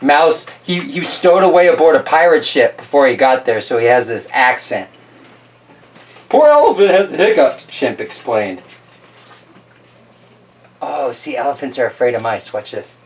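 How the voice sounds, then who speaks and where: A man's voice: medium pitch, normal speed, recorded from a distance. A man hosting a casual picture-book read-aloud, chatty and laughing often, with jokey asides to the audience. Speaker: storyteller host.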